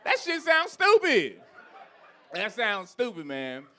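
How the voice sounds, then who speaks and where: On a comedy club stage, a man in his thirties delivers an animated stand-up rant at normal speed, swinging between loud outbursts and quiet asides.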